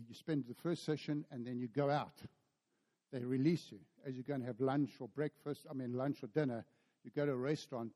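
South African preacher in a reverberant hall. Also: male voice, medium pitch. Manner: storytelling, animated, acts out dialogue. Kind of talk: sermon.

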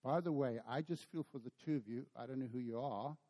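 Middle-aged South African man, animated storytelling preacher, warm dark tone, big reverberant room. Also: mid-range voice, brisk. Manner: storytelling, animated, acts out dialogue. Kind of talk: sermon. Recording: long hall reverb.

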